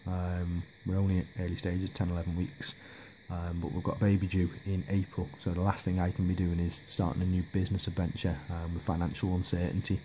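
A man's voice: low voice, monotone, brisk, few pauses, mellow, a little hiss or hum. A man giving a casual, rambling hobby update, hesitant with lots of ums and restarts. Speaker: miniature hobby vlogger.

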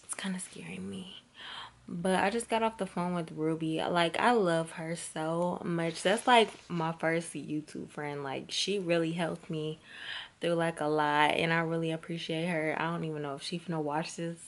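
A woman's voice: sits low, fairly even intonation, moderate pace. A young woman in casual vlog chat, cursing freely and talking to her viewers as y'all, filming on a handheld phone at a mall and at home. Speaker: beauty vlogger. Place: shopping mall, then home. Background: loud music.

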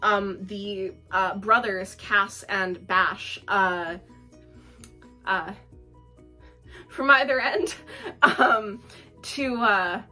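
Bright-voiced woman ranting about a book. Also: medium pitch, extremely slow, pauses often, soft background music. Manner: animated, profane, frequent fillers and laughter. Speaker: book reviewer. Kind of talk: casual ranting book review.

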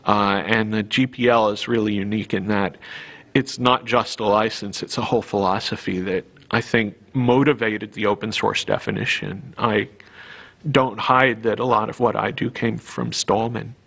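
A man speaking earnestly in a documentary interview, pausing often with an uh. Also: fairly low pitch, fairly even intonation, creaky, a bit bright. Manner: earnest, with frequent uh pauses. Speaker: interviewee, software developer.

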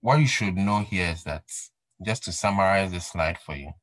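A man with a very low, deep voice teaching an exam-prep accounting class. He drives points home by repeating them and asking his listeners whether the idea is clear. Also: moderate pace, a bit bright, no room sound, poor audio. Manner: repeats key points for emphasis, asks rhetorical questions. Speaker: accounting lecturer. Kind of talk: recorded exam-prep lecture.

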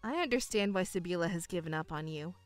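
A woman voicing a calm, cold young stepdaughter in a dramatized story, speaking in a measured, coolly firm way. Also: on the low side, soft background music, pitched below the performer's own voice, close to an everyday voice.

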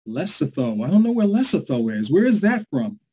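A man's voice: fairly high pitch, sing-song, a little fast, warm tone, breathy edge, dull audio. A man from New York hosting a live online presentation, upbeat and hyped as he greets viewers by name. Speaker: webinar host.

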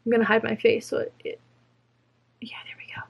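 A woman's voice: a little high, completely flat delivery, brisk, vocal fry, breathy edge, in a whisper, lo-fi sound. Chatty young woman showing her crafts. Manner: chatty, rambling, self-mocking with playful silly voices. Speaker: fiber craft podcaster. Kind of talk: casual chat to camera.

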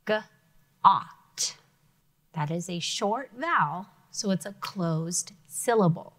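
A woman teacher giving an encouraging, clearly spoken lesson to young students. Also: on the low side, expressive, measured pace. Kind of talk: televised classroom lesson for children.

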